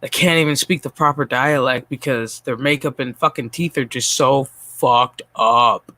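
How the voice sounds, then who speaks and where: A man's voice: mid-range voice, a little slow, sharp tone, no echo. A man streaming a profane, exasperated reaction rant with frequent sighs, talking straight into his mic. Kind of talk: ranting reaction commentary.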